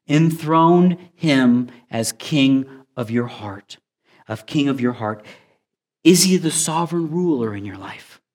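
A male pastor preaching a sermon to online viewers, reading scripture slowly and with emphasis. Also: on the high side.

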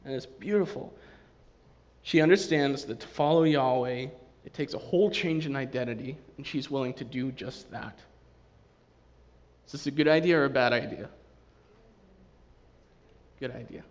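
A man preaching a sermon to a congregation, in a lively, conversational way, acting out the quotes he reads. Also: mid-range voice, moderate pace, pauses often. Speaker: pastor.

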